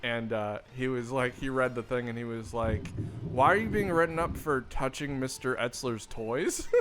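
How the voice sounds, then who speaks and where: A man's voice: medium pitch, over music. A man co-hosting a casual chat, telling stories with sarcastic jokes. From northern US. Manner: sarcastic storyteller, quick jokes. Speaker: podcast co-host.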